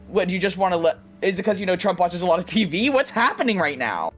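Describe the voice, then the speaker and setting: A woman's voice: lowish voice, big pitch swings, quick pace, soft background music. A woman co-hosting a podcast in casual chat, exasperated, swearing and laughing often. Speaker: podcast co-host.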